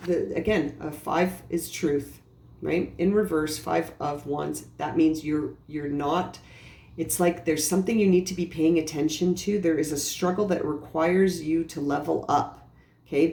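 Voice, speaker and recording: A woman's voice: sits low, mellow. A woman giving an earnest, reassuring tarot reading, speaking directly to the listener in a casual way. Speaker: tarot reader. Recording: roomy echo with faint background noise.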